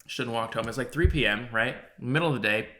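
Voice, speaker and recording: Young man, casual podcast chat, bright voice, animated, swears a lot. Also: mid-range voice, fast talker. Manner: animated storyteller, acts out quotes, swears often. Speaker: podcast co-host.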